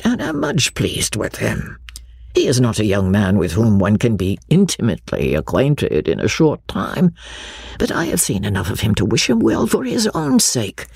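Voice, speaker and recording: A woman doing a grave, gentle colonel. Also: extremely low pitch, creaky, husky, dry recording, pitched below the performer's own voice, heavily acted. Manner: grave, measured, compassionate. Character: calm earnest middle-aged gentleman colonel.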